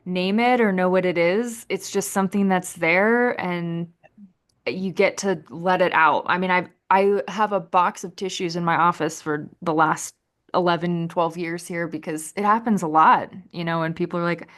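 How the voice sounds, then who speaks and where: Relaxed woman explaining bodywork. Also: lowish voice, normal speed. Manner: relaxed, explanatory, quotes people in a bright voice. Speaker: podcast guest, fascia release practitioner. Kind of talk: casual interview talk.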